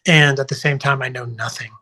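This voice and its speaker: A man appearing as a guest on a spiritual podcast, speaking earnestly in a bright, forward tone. His pitch barely moves as he talks about what lies ahead with gentle enthusiasm. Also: fairly even intonation, fairly quick. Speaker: guest, breathwork teacher. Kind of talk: casual spiritual conversation.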